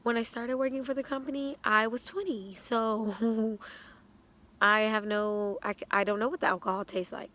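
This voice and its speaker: Young woman w/ a slightly high voice, chatty storytime, lots of slang and laughing. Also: moderate pace. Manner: animated, slangy, laughs often. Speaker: vlogger. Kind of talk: casual storytime.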